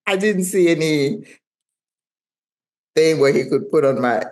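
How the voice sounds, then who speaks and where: A woman's voice: deep voice, expressive, measured pace, a little mellow. A woman in her sixties with a French accent, telling a travel story to camera from her living room in a chatty, self-teasing way. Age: 60s. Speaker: retirement travel vlogger.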